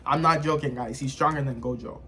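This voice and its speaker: A man giving casual anime review commentary, animated and slangy, full of sound effects. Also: medium pitch, fairly quick, a little hiss or hum.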